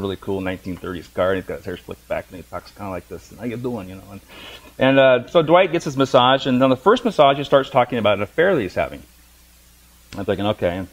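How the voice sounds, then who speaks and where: Middle-aged male bodywork instructor, quick-paced, storytelling lecture with humor. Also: medium pitch, lo-fi sound. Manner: storytelling with humor, acts out voices. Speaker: massage instructor. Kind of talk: lecture to a class.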